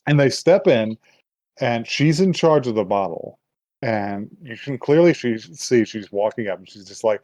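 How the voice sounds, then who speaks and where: A man hosting a podcast, telling an anime story in casual chat, with lots of laughter and quick switches into voices. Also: mid-range voice, no echo, muffled recording. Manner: animated, laughing storyteller who acts out voices. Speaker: podcast host.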